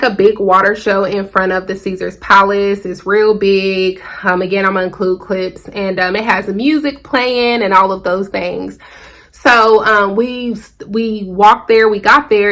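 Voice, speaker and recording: A woman talking straight to camera in a casual vlog, telling a personal story in a loose, chatty way full of fillers. Her voice is bright and forward, sitting at an ordinary middle pitch. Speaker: vlogger.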